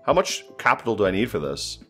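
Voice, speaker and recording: A man's voice: lowish voice, sing-song, quick pace, pushed and bright, faint music behind. A man thinking aloud as he plays a strategy game, often exasperated and swearing. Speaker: gameplay commentator. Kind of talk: casual gameplay commentary.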